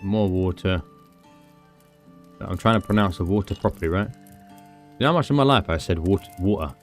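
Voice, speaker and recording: British male streamer, deep voice, chatty and rambling, game commentary with faint music behind. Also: animated, fast talker. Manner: chatty, rambling, self-mocking asides. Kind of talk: casual gameplay commentary.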